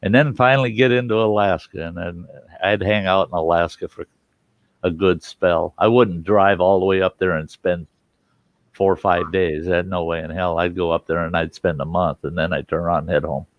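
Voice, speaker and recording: A man with a northern US accent hosts the chat in a lowish, unhurried voice. He talks in long, meandering stretches. The sound is a bit dull, like an online call. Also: no echo. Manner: rambling, relaxed storyteller. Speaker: host. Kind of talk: casual group chat.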